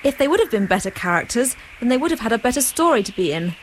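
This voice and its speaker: A woman's voice: on the high side, very animated, fast, slight background noise. A woman narrating a comic story in a firm, bossy manner, keeping unruly characters in line.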